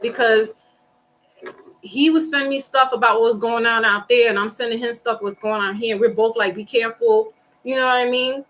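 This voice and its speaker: A woman hosting a livestream reading, talking casually to her viewers about grief and acting out past conversations in lively voices. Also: on the high side, normal speed. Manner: talks through grief, quoting herself and a friend in animated voices. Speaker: tarot reader on a livestream. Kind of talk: casual chat with live viewers.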